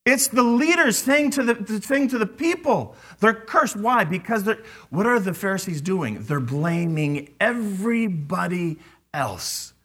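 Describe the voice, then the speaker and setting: A man's voice: high voice, animated, unhurried, a bit bright, breathy edge. A man preaching a sermon, speaking animatedly and acting out quoted lines with emphasis. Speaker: pastor.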